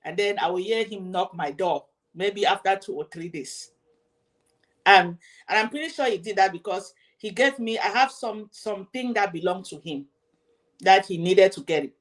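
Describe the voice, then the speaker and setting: Woman host, personal storyteller, emotional and repetitive, talks straight to viewers, mid-pitched voice. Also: normal speed. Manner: emotional, repetitive, addresses the audience directly.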